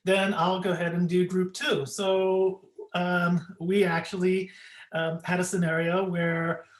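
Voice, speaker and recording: A physician giving a measured, hesitant workshop recap over a video call, with many filler words. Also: mid-range voice, level tone. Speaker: physician presenting a group recap. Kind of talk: casual workshop presentation. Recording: roomy echo on a video call.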